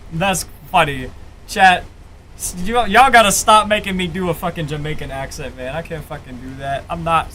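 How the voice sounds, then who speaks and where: A young man hosting a live music review stream, talking in an excitable, profane, rambling way full of fillers. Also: high-pitched, a little hiss or hum. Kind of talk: casual live-stream commentary. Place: home streaming setup, wearing headphones.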